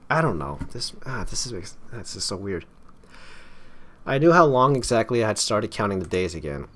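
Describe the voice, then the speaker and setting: A man's voice: on the low side, big pitch swings, moderate pace, fairly bright tone. A man playing through a game, narrating its text and commenting in a casual, stumbling way with wry asides, his throat strained from talking. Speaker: gaming YouTuber.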